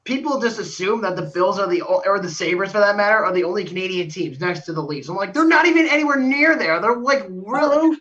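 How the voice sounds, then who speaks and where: A podcast co-host in casual chat, animated and playing at mock outrage. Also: mid-range voice, a little fast, hardly any pauses. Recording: distant, muffled mic.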